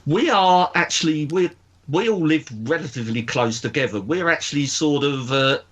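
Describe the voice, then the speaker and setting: A man's voice: on the high side, moderate pace, a bit bright, highs cut off. A man with an Essex accent, hosting a radio show in a rambling, easygoing way. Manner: rambling, lots of "you know, sort of". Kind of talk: casual radio chat.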